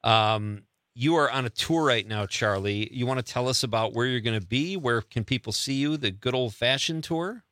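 A man hosts the interview in an upbeat, chatty way. His voice is bright and forward. The sound is dry and close, with no room around it. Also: medium pitch, normal speed, hardly any pauses, no room sound. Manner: chatty, laughs along, upbeat. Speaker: interview host. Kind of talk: casual interview chat.

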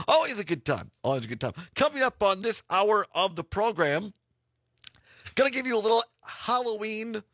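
A man hosting a talk radio show from a studio, chatting and laughing easily with a hoarse voice. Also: high voice, big pitch swings, a little slow, pauses often, no room sound. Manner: laughs often, warm easygoing rambling. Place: radio studio in an office building.

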